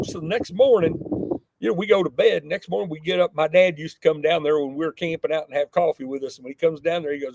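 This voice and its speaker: A middle-aged man, a podcast guest telling a folksy, animated story from his childhood. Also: a little high, a little fast, gravelly, dry recording. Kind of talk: casual storytelling.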